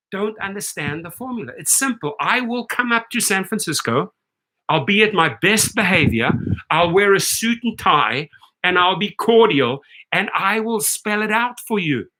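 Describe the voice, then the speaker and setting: Confrontational rant from a male video host with a high, tense voice who talks straight at the bosses, ends points with a "right?". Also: bright, forceful tone, low-quality recording. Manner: confrontational, speaks straight to executives, keeps asking "right?". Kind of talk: ranting commentary vlog.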